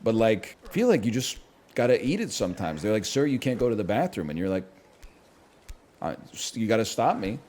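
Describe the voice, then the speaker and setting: A man streaming a game, telling stories in a casual, rambling way, animated and profane, with wry asides and acted-out quotes. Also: on the low side, quick pace. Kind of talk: casual rambling storytelling while gaming.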